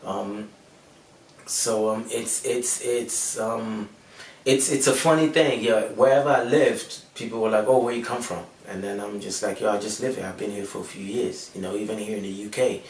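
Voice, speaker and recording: A man's voice: lowish voice, normal speed, a little mellow. A young man with an American-sounding accent, a rapper and producer answering interview questions in a laid-back way, with many fillers and restarts. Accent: American-sounding English. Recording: roomy echo, mic at a distance, faint background hum.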